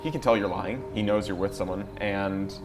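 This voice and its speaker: Low-voiced man running a tabletop game. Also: moderate pace. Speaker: game master. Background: background music.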